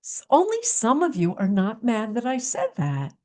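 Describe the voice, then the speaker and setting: A woman's voice: on the high side, huge pitch swings, moderate pace, mellow. A woman hosting a religious podcast, lecturing her listeners with rhetorical questions and teasing asides. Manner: teasing, chuckles at own remarks. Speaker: podcast host. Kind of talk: religious commentary monologue.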